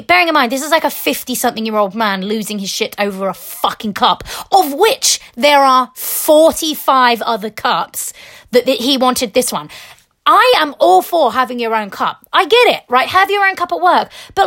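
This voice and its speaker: Woman, podcast host, casual rant, frank, rambling, fairly high voice. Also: animated, moderate pace, fairly bright tone. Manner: frank, sweary, rambling, with many fillers.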